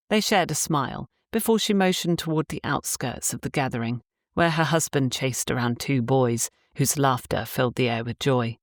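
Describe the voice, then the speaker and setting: A woman narrating a romance audiobook in a measured, even storytelling manner. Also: a bass voice, no room sound, studio quality. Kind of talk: scripted narration.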